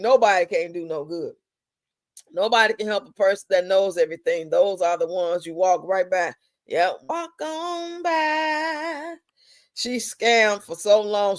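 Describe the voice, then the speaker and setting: A woman's voice: on the low side, dry recording. A woman hosting a live stream, chatting casually in a blunt, profane, drawling way.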